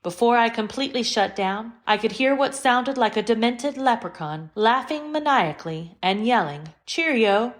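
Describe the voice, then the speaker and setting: A woman's voice: a little high, animated, normal speed, hardly any pauses, close to an everyday voice. A woman voicing a literal, formal female AI computer in an audio drama, with precise diction and no contractions. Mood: calm.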